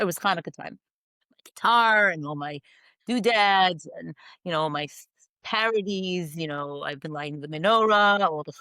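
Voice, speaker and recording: Woman, middle-aged, interview guest, animated storyteller, laughs often, dry close mic. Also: on the low side, no echo, poor audio. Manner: animated, laughs often, many you-knows.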